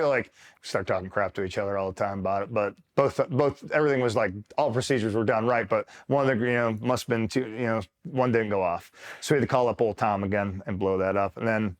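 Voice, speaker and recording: Middle-aged ex-marine guy from upstate new york, lowish voice, swears a lot, tells war stories all casual and laughs through the quotes. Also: fast talker. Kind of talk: casual storytelling interview.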